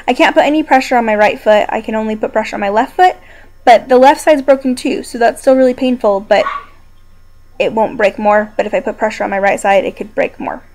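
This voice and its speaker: Young woman vlogging from home while hurt, kinda high voice, rambly and chatty but upbeat. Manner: chatty, rambling, quietly upbeat despite pain. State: injured and in pain. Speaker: video blogger. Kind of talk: casual personal vlog. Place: downstairs room at home.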